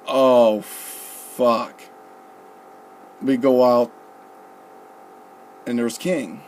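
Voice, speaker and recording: A young man casually telling a story, profane and relaxed, quoting people with "I'm like" and "he goes.". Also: medium pitch, a little hiss or hum. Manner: profane, laid-back, quotes others with "I'm like" and "he goes". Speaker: storyteller recalling his recruit days.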